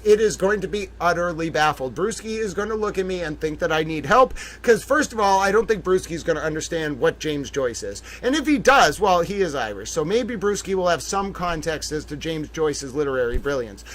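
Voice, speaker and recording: A man hosting a livestream in casual chat, playfully theatrical, addressing his audience as ladies and gentlemen with drawn-out exclamations. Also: sits high. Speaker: livestream host.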